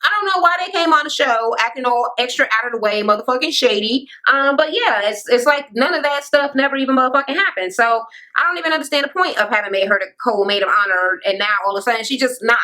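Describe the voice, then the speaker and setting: Woman vlogger, bright tense tone, slightly high, blunt swearing rant style. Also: fast, rough recording. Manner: blunt, sassy and heavily profane; sarcastic asides to the viewer. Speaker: reality TV recap vlogger. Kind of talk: casual ranting recap.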